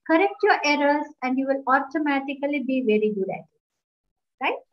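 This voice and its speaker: A woman's voice: high voice, lively intonation, normal speed. A woman co-hosting an English-learning talk, giving direct and instructive advice to viewers and often checking with "right?". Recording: dull lo-fi audio.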